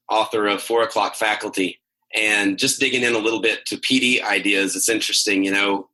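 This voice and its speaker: A man's voice: on the low side, sharp tone, rough recording. A man who is a teacher speaking in a podcast interview, earnest and a little self-deprecating. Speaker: teacher, podcast co-host guest. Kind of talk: casual interview chat.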